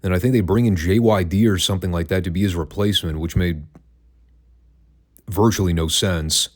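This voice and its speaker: Low-voiced sarcastic man reviewing. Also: steady tone, brisk, darkish tone. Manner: dry, sarcastic. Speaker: wrestling podcast host. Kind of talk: casual retro review.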